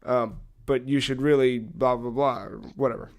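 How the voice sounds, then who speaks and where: A young man co-hosting a casual podcast, retelling a video game story with lively acted-out dialogue and frequent swearing. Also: mid-range voice, normal speed. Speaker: podcast co-host.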